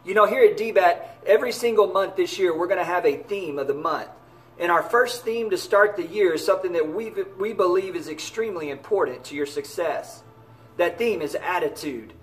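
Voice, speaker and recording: A man's voice: high voice, moderate pace. A man giving an earnest, encouraging motivational talk to camera as a baseball academy director.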